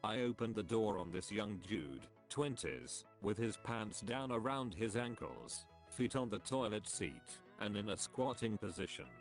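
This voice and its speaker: A man with a fairly low voice reads forum stories aloud, one after another. His delivery is steady and matter-of-fact, with faint music playing underneath. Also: measured pace, hardly any pauses. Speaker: narrator reading online posts.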